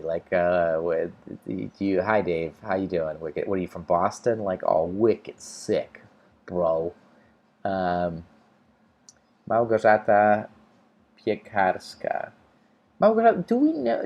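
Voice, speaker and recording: American guy doing a live english lesson, lowish voice, laid back, lots of ums while he reads chat. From United States. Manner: relaxed, thinks aloud with fillers and restarts. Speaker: English teacher hosting a livestream. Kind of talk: casual livestream lesson, reading chat comments.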